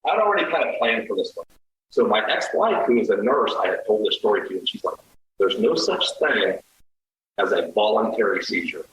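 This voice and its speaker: A middle-aged man telling a dating story as a podcast guest, animated, swearing and acting out the quoted lines. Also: lowish voice, brisk, roomy sound, slight background noise, poor audio. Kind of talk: casual storytelling.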